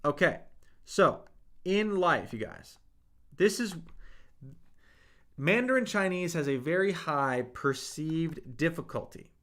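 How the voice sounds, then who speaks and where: A young man with a somewhat high voice runs a live Mandarin lesson. He reads out chat comments and coaches viewers with enthusiastic, hyped-up energy, taking his time over each point. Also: expressive, slow pace, pauses often, fairly bright tone. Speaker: Mandarin teacher. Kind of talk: livestream lesson, reading chat.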